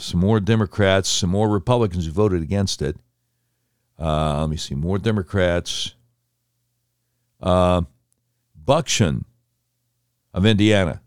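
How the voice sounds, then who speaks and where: A man's voice: deep voice, a little mellow, dry recording, clean studio sound. A man commenting on politics, reading through a list with indignant, sarcastic remarks.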